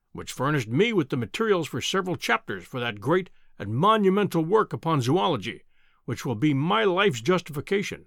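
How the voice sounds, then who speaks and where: A man voicing a pompous, booming older professor who lectures in a condescending, imperious way in an audiobook reading. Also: a bit bright, no room sound, clean studio sound.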